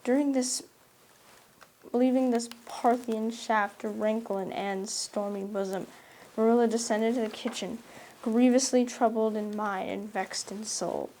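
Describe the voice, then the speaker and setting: A woman narrating a classic novel aloud in a measured, expressive storytelling manner. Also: on the high side, slight background noise. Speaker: audiobook narrator. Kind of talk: scripted narration.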